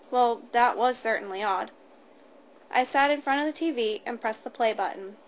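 Woman, story narrator, steady reading, fairly high voice, faint background hum. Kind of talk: first-person story reading.

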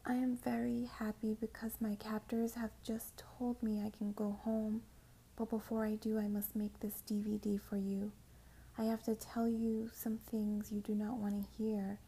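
A woman voicing a shaken young woman who reads a message quickly and unsteadily, in a whispered role-play. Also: mid-range voice, completely flat delivery, warm tone, husky. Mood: hurried. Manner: hurried, shaky, whispered like reading a script.

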